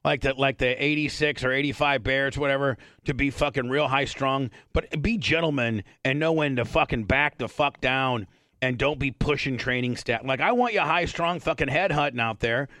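A man hosting a podcast in casual chat, loud and profane, rambling in bursts of cursing. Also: medium pitch, normal speed, no echo, clean studio sound. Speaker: host. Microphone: studio mic.

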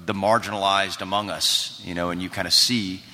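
A man with a Southern American accent, answering a fan halting and full of uh's on a live theater stage. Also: deep voice, level tone, sharp tone. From American South, raised in Georgia. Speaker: guest actor. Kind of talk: live panel chat. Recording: long theater reverb, faint noise.

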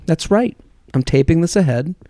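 A man's voice: on the high side, lively intonation, normal speed, warm tone, dry recording, studio quality. A man in his thirties hosting a solo podcast, talking in a chatty, rambling, self-deprecating way. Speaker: podcast host.

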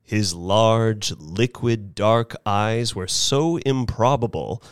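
A man reading a short story aloud as its narrator, theatrical and richly expressive, voicing its people as he goes. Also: lowish voice, slow pace, clean tone, dry recording, clean studio sound. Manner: theatrical, with wide swings of expression. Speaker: narrator and performer. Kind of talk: dramatic audiobook narration.

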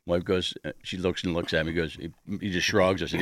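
A man's voice: sits low, level tone, brisk, a bit bright, dry recording, studio quality. A man hosting casual radio banter, rambling and crude, laughing often.

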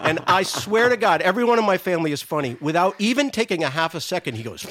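Animated older man telling stories. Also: high-pitched, quick pace. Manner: animated, profane, self-mocking storyteller. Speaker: guest. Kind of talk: casual storytelling.

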